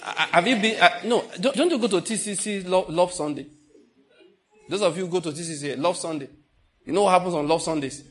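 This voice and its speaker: Animated Nigerian pastor, Enugu accent. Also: male voice, high voice, a little fast. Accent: Nigerian English, Enugu. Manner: animated storytelling with laughter and mock outrage. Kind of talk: sermon.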